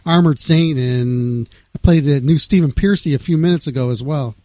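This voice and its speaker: Male radio host, casual and rambling, slightly high voice, dry close sound. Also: normal speed, darkish tone, dry recording. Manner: rambling, laid-back, reads out press notes with restarts.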